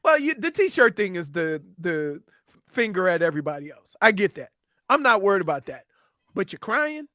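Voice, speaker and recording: Man, sports radio co-host, animated, mocking, lively pitch, dry studio sound. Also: moderate pace, dry recording. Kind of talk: casual sports talk.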